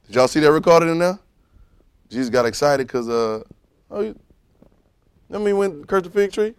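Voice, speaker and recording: A man preaching a sermon, moving from low musing to loud fervent preaching and calling out to the congregation. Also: lively intonation, a little fast, smooth, dry recording. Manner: calls out to the congregation.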